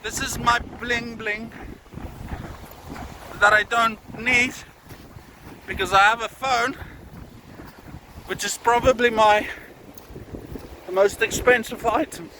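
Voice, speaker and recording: A man in his thirties vlogs while walking on a windy beach, his extremely high, bright, forceful voice slow, fairly even in intonation, and broken by long pauses. Tired and a little out of breath, he rambles in a mock-grand, jokey, profane way. The audio is poor, with wind noise over the phone mic.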